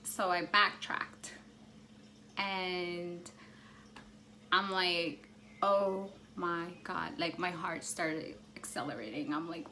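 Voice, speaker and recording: A woman vlogger telling a personal story in an animated, excitable way, full of "like". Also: lowish voice, takes it slowly, pauses often, a little hiss or hum. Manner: animated, excitable, heavy use of "like".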